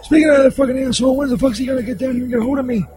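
A man's voice: very high-pitched, racing, over music. A man voicing a crude, stoned male intern who rambles and mocks his boss. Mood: mocking.

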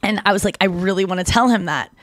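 A Canadian woman co-hosting a podcast, telling stories in casual chat with lots of "like" and quick self-corrections. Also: mid-range voice, fairly bright tone, no room sound. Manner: chatty storytelling, heavy use of "like", quick self-corrections. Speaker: podcast co-host.

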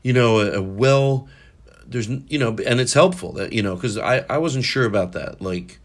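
A man hosting a solo podcast, rambling with many restarts and self-corrections, a little high. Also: animated, normal speed. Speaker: podcast host.

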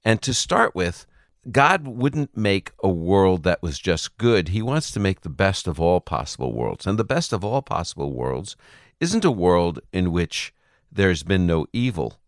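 A man's voice: low voice, very animated, unhurried, no echo, studio quality. A man from the United States, a Bible teacher, giving thoughtful explanations as a radio guest. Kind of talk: radio interview.

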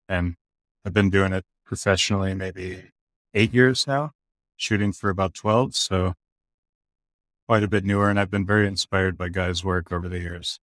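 A man's voice: sits low, a bit bright, no echo, studio quality. A man from the American Midwest, a photographer, talking casually as a podcast guest with hesitant restarts. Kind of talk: casual interview talk.

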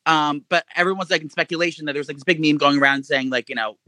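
A man spins a story for his co-host at a rapid clip, his voice high and bright. He swears freely and jumps into a higher voice to act out what people said. The sound is dry and close. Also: dry recording. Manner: animated storyteller, swears a lot; acts out quotes in a high voice. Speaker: podcast co-host. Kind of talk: casual chat.

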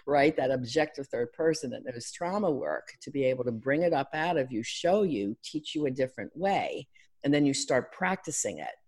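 A middle-aged woman from Philadelphia, a life and love coach, speaking as a podcast guest in an energetic, teacherly way. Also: a bass voice, slightly rough. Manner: energetic, teacherly, acts out clients' voices.

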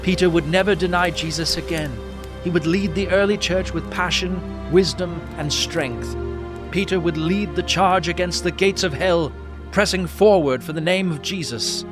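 Brief: earnest male narrator of a Bible story, steady delivery over music. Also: high voice, moderate pace.

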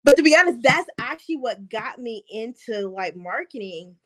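A woman's voice: a little high, moderate pace. A woman guest on a podcast, chatting casually and laughing often as she acts out quotes in her stories. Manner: laughs often, peppers speech with "like"; animated storytelling with acted-out quotes. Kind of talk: casual interview chat.

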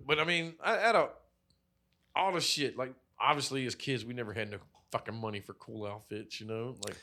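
A man's voice: mid-range voice, a little fast, sharp tone. A man in his thirties co-hosting a podcast, telling rambling, profane stories full of fillers in casual chat. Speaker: podcast co-host.

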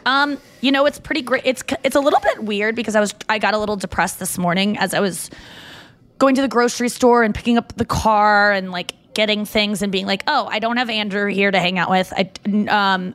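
A woman's voice: medium pitch, normal speed, a bit bright. A woman in her thirties co-hosting a podcast in casual chat. She is chatty and self-mocking and often laughs. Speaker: podcast co-host. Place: staying in a tropical island town.

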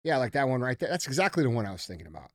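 A man's voice: mid-range voice, big pitch swings, racing, no echo. Man, podcast co-host, blunt, swears a lot, dry close sound. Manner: blunt, profane, riffing. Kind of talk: casual podcast chat. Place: studio.

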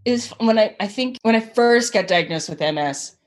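A woman's voice: a little high, expressive, moderate pace. A woman artist in her thirties telling her story in an interview, acting out the people she quotes and laughing often. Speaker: guest artist.

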